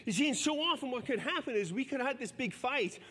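Bright-voiced preacher in a reverberant hall. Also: male voice, extremely high pitch, fast, slight background noise. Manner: lively storytelling, self-deprecating humor. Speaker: pastor. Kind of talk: sermon. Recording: long church-hall reverb.

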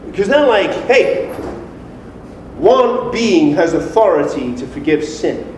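A man preaching a casual, animated sermon to a congregation, talking informally as a pastor. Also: high voice, slow pace, slight background noise. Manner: animated and informal, acts out quoted voices. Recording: echoey hall, distant mic.

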